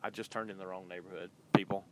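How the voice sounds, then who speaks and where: A man's voice: sits low, level tone, quick pace, a bit bright, a little hiss or hum. A man hosting a podcast, chatting loosely in a rambling way, full of ums and uhs, while driving his car. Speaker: podcast host. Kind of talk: casual rambling monologue.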